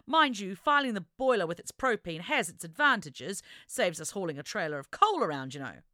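A woman's voice: mid-range voice, sing-song, a little fast, pushed and bright, dry recording, studio quality. A woman voicing a cheerful, tactless young male mechanic who rambles enthusiastically. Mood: eager.

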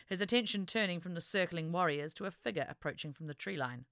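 A woman reading an adventure story aloud as narrator, with expressive, dramatic storytelling. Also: lowish voice, quick pace, no echo, studio quality. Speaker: audiobook narrator. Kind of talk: scripted narration.

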